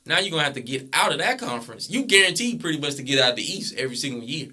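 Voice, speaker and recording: Bright-voiced young male podcaster. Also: a little high, lively intonation, racing. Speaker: podcast co-host. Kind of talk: casual sports debate.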